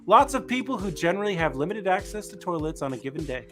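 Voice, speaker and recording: Casual show host guy, highish voice, deadpan reading stuff out loud. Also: quick pace. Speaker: podcast co-host. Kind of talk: casual chat reading reviews aloud.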